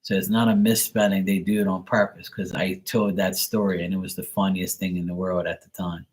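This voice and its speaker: A live tarot reader and streamer from Bermuda tells stories in a casual livestream chat, his voice low-pitched, slightly rough and brisk with little pitch movement. He swears freely and imitates his friends' slang.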